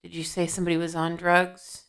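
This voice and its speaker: At home, a woman does a tarot-style intuitive reading to camera, bluntly scolding and posing questions to her guides before answering them herself. Her lowish voice is monotone, clean and fairly bright, and she talks a little fast.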